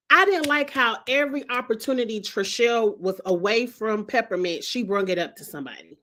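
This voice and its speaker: A woman's voice: a little high, normal speed. A woman recapping a reality TV show in a casual vlog, chatty and slangy, cursing freely and talking straight to her viewers. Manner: animated, talks straight to viewers. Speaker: reality TV reviewer.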